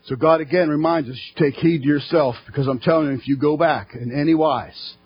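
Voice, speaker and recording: A man preaching a fervent sermon in church, his voice rising to shouting at its peaks. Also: on the high side, fairly quick, muffled recording, soft background music.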